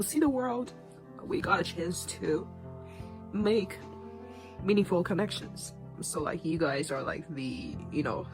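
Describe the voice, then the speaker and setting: Woman, earnest, soft-spoken, middle pitch, faint music behind. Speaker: social media creator. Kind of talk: emotional casual talk to camera.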